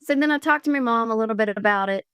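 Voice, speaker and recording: A woman from Georgia telling her story as a podcast guest, earnest and halting with many restarts. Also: fairly high pitch, fairly bright tone, clean tone, no echo. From Columbus, Georgia, US. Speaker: podcast guest, liver transplant recipient. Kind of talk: candid conversational storytelling.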